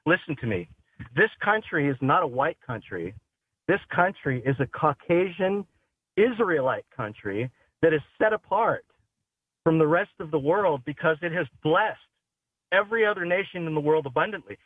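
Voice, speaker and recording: A man's voice: fairly high pitch, lively intonation, normal speed, breathy edge. A male caller on a talk radio show, lecturing emphatically in a preachy way over a phone line.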